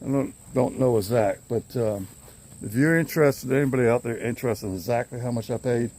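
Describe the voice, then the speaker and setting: Speaking a little fast in a darkish, mid-range voice, this older man films himself on his phone outdoors in his yard. He rambles along in an easygoing way, frequently chuckling.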